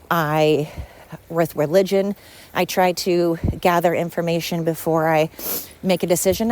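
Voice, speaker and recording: A woman's voice: lowish voice, darkish tone, a little hiss or hum. A woman hosting a podcast alone, talking in a blunt, opinionated and rambling way. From Sweden. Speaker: podcast host. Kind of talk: casual solo monologue.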